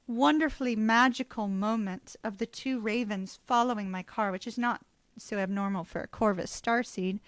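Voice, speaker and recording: A woman's voice: on the high side, no room sound. A middle-aged woman, chatting through a live tarot reading and laughing often as she tells stories. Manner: chatty, storytelling, swears casually. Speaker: tarot reader.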